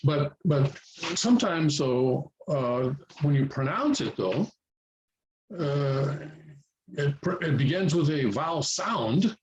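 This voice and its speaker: A native English-speaking man giving a language lesson, repeating himself often and pausing with fillers as he explains. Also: fairly high pitch, expressive, a little mellow, highs cut off. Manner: repeats words, many fillers and restarts. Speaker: language teacher. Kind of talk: explaining at a whiteboard-style lesson.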